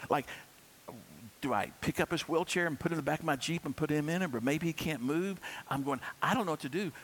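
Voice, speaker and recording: Gravelly-voiced male pastor preaching. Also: on the high side, fairly quick, fairly bright tone, slight background noise, low-quality recording. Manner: candid, conversational storytelling with rhetorical questions. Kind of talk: sermon.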